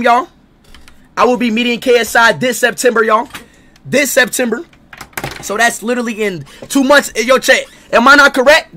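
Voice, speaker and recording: A man livestreaming and chatting loudly with his viewers, excitable and full of swearing. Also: very high voice. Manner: loud, excitable, swears a lot, talks to chat. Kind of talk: casual livestream chat.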